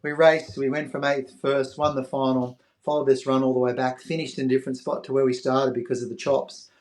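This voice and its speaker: A middle-aged Australian man telling an emotional story as a podcast guest, animated, acting out other people's voices and dropping soft at tender moments. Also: medium pitch, fairly quick. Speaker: podcast guest, former athlete.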